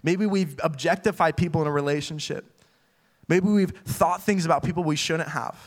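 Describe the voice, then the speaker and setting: A man's voice: fairly high pitch, moderate pace. Casual young man preaching. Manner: casual, filler-heavy preaching with acted-out quotes. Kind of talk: sermon.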